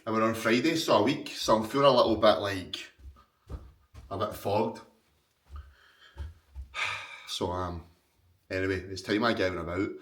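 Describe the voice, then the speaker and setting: A man's voice: lowish voice, moderate pace, long pauses, a bit bright, dry recording. A man with a Glaswegian accent, rambling casually and swearing freely to camera as a fitness vlogger. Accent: Scottish, Glaswegian. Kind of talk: casual vlog chat to camera.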